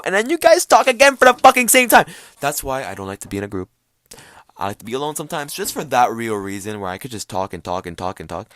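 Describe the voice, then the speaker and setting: Young guy ranting on his podcast alone, lowish voice, dry close sound, swears a lot. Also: dry recording. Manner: rambling, swearing, acts out quoted voices. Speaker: podcast host. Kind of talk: casual solo podcast rant.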